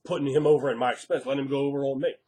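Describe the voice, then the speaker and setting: A man's voice: medium pitch, steady tone, racing, warm tone. Emphatic man giving tabletop game advice. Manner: emphatic, acts out quoted players and game masters. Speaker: game master. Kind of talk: casual advice monologue.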